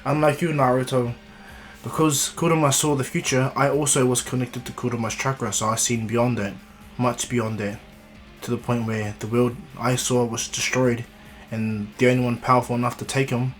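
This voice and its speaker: A wise, ancient sage speaks slowly and gravely, as a man reads him out in a middle-pitched voice, guiding a young hero like a proud father. Faint guitar music plays behind this fan-made storybook telling. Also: little pitch movement, lightly acted.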